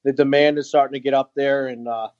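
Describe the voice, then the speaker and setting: A man with a middle-pitched voice tells his story as a podcast guest, earnest and halting, full of pauses and restarts. The audio sounds dull and lo-fi. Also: level tone, a little mellow. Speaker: guest, veteran who runs an outdoor organization for veterans. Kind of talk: candid storytelling in interview.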